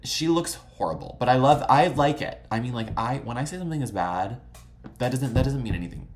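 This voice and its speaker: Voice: medium pitch, lively intonation, brisk, faint music behind. A vlog host chatting casually while browsing old photos, gushing and swearing freely, full of dramatic exclamations and "like" fillers.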